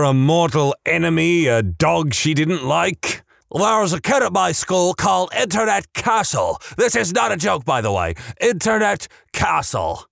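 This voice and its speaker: A man's voice: medium pitch, no room sound. Man with a dry, wry reading voice. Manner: wry, joking commentary between readings. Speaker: podcast host reading submitted stories. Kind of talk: storytime reading with comic asides.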